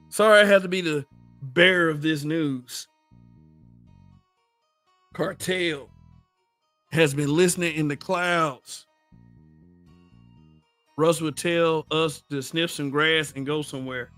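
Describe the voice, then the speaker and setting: A middle-aged livestream host from the American South speaks with a Southern accent in a fairly high, bright, forceful voice. He's blunt and profane in his casual commentary, laughing often and talking back to his chat, all captured in a dry recording.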